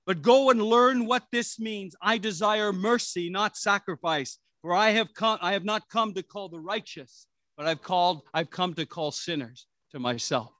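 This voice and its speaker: A man's voice: high-pitched, normal speed, a bit bright, dry recording. A middle-aged man preaching a sermon as pastor, conversational and rambling, with restarts and asides.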